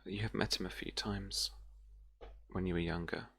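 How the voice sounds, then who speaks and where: Deep gravelly game master guy, slow and measured, soft spoken. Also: steady tone. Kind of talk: narrating a tabletop game.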